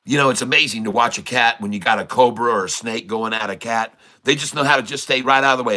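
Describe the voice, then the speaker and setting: A middle-aged man hosts a casual livestream in a mid-range voice that's pushed and bright. He talks fast with hardly any pauses, cracking puns and laughing often in a jokey, pun-loving way.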